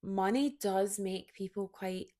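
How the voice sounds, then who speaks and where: A young Scottish woman co-hosting a podcast, giggly and self-deprecating, often trailing off softly. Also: mid-range voice, slow pace. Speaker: podcast co-host. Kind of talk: casual chat.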